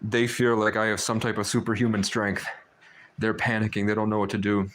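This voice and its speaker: A man's voice: fairly low pitch, flat delivery, brisk, a bit bright. A man hosting a live stream, telling a long story in a rambling, talkative way full of fillers. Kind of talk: casual storytelling chat.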